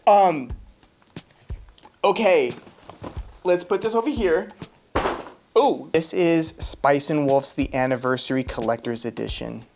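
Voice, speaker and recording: A woman reviews manga in a casual unboxing vlog, excitable and full of exclamations, chatting to her viewers in slang. Her voice is deep, and she speaks slowly with frequent pauses over a noisy background.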